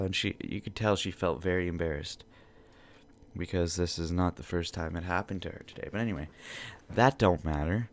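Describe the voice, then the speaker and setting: A man with a fairly low voice tells a loose, rambling story on his podcast. He swears freely and circles back over his own words as he talks from home. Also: steady tone, fairly quick, no echo. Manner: profane, rambling, repeats himself. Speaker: podcast host. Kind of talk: casual storytelling monologue.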